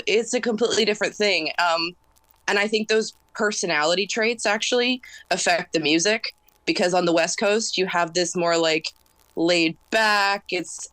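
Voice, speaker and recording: A woman in her thirties, a singer-songwriter guest, talking fast and intensely in a casual interview. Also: mid-range voice, dry recording. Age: 30s. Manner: fast, intense, animated talker.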